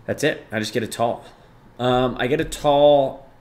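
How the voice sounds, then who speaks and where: Chatty young man streaming live. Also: moderate pace. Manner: reads chat aloud, thanks gifters, jumps between loud excitement and low mumbling. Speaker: livestreamer. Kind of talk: casual live stream chat.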